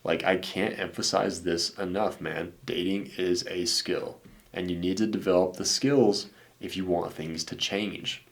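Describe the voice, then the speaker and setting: Deep-voiced laid-back dating coach guy. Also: steady tone, unhurried, creaky. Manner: blunt and laid-back, says "dude" and "man" a lot, swears. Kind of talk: casual commentary reacting to viewer messages.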